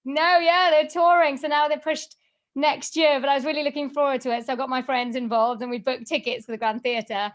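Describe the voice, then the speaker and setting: Chatty woman with a higher voice. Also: brisk. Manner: chatty and animated, laughs often, many fillers. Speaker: guest, voiceover artist and singer. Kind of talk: casual podcast interview.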